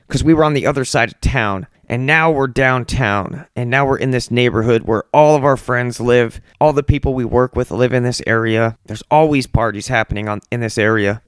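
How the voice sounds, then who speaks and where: A man's voice: mid-range voice, clean tone, no room sound, clean studio sound. A young man hosting a podcast who tells stories in a loose, profane way and acts out the voices of the people in them. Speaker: podcast host. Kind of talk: casual storytelling monologue.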